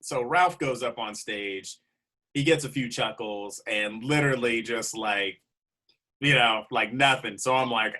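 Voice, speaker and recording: Comic guy spinning a story, bright punchy voice, laughs a lot. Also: medium pitch, a little slow. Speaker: comedian guest. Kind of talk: casual storytelling chat.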